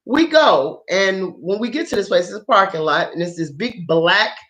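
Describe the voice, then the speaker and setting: A woman vlogger telling a story in a casual, animated way, swearing freely. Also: medium pitch, moderate pace, highs cut off. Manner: animated, profane, laughs often.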